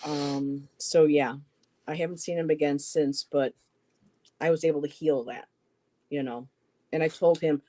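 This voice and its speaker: Mellow-voiced woman telling a halting personal story. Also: sits low, fairly even intonation. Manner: halting, with frequent "you know" and restarts. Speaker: poetry show co-host. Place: home, on a live stream.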